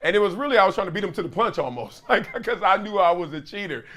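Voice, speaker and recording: A middle-aged man talking straight to his audience in a loose, conversational way. His voice sits a little high, and he shifts between punchy emphasis and soft, reflective asides. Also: expressive, fast. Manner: emphatic, earnest, swings loud to quiet. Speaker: show host and commentator. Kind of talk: casual solo commentary to camera.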